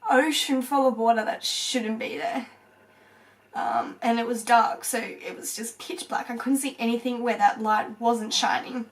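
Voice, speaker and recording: A young woman from Australia tells a personal story to camera, halting and tearful, with many fillers and pauses. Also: on the high side, steady tone, distant mic, poor audio. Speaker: vlogger.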